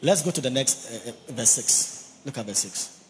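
A male pastor preaching with emphasis, leaning on key words and repeating them for his listeners. His voice carries a long hall reverb, with faint music playing softly underneath. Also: mid-range voice, expressive, normal speed. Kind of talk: sermon.

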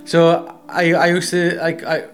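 A man's voice: fairly high pitch, unhurried, soft background music. Sweary man chatting loosely. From Wales. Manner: sweary, rambling, animated storytelling. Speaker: co-host, tattoo artist. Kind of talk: casual chat.

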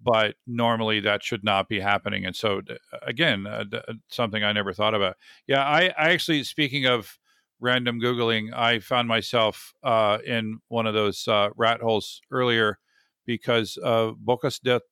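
Male podcast host, bright and crisp in a dead, dry room, loose and chatty. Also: lowish voice, steady tone, moderate pace, no room sound. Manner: chatty, self-deprecating, rambling. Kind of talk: casual podcast interview.

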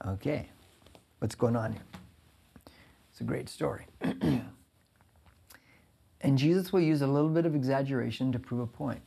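A male pastor giving a conversational verse-by-verse sermon, reading scripture and breaking in with lively asides. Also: medium pitch, moderate pace, creaky, pauses often, breathy edge. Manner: conversational, animated preaching with asides.

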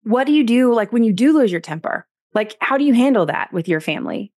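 Woman host spilling a candid mom story, animated and self-deprecating, dry mic. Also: fairly high pitch, quick pace, dry recording. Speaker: podcast host.

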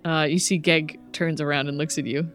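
A woman runs a tabletop game in a relaxed, teasing way and laughs lightly between rulings. Soft music plays faintly behind her. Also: sits low, brisk. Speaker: game master.

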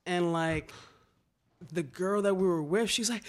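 Speaking at a normal speed with a high-sitting voice, a man who writes graffiti tells outrageous stories casually. He curses freely, uses plenty of slang, stays animated, and performs other people's lines as he quotes them.

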